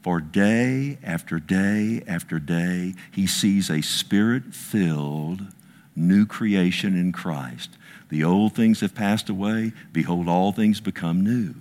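Animated preaching man in his sixties. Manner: animated preaching, swings from loud and high to low and slow, self-mocking asides. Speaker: pastor. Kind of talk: sermon.

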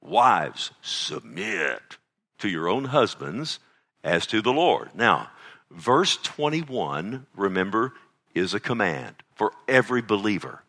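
A man's voice: on the low side, big pitch swings, unhurried, a bit bright. An older man preaching a sermon as a pastor, emphatic, asking the listeners rhetorical questions and often restarting his sentences.

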